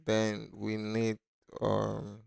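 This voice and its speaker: A man's voice: on the low side, monotone, drawn-out words, vocal fry, darkish tone, clean tone, dry recording, studio quality. A man hosting a casual live-stream design tutorial, talking loosely and thinking aloud with many fillers. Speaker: design instructor.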